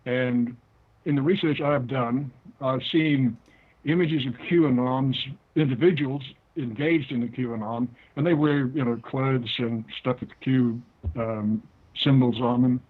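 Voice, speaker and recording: An older man with a New Zealand accent, a guest author talking deliberately through an interview. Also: medium pitch. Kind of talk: interview over the phone. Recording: tinny phone line.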